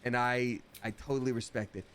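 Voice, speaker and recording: A man's voice: mid-range voice, fairly even intonation, fairly quick, a bit bright, a little hiss or hum. A man in his thirties chatting casually while playing a video game live, reading chat aloud and slipping into playful voices.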